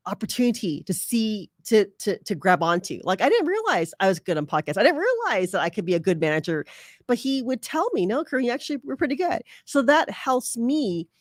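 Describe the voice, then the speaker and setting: A woman talks through an advice podcast in a casual, chatty way, often laughing and stopping for fillers. Her voice sits at an ordinary middle pitch. It is recorded close and dry, with no room sound. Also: very animated, fairly quick, no echo. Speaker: podcast host.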